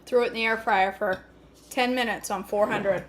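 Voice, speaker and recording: A woman's voice: medium pitch, fairly even intonation, normal speed, very noisy. A woman hosting a casual cooking vlog from her home kitchen, chatty, folksy and joking. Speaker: vlog host.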